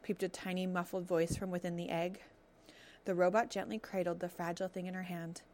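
A woman reading a children's novel aloud as narrator, telling the story in a steady, expressive way. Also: on the low side, fairly quick.

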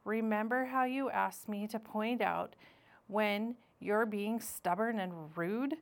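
A woman voicing a sensible, firm female beaver who talks in a brisk, scolding way. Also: mid-range voice.

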